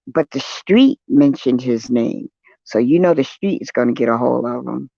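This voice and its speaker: An older man, a guest on a live stream, telling a personal account in casual chat, earnest and shaken, with soft affirming hums between thoughts. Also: medium pitch, moderate pace, vocal fry, no room sound. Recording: dull, lo-fi, dry sound.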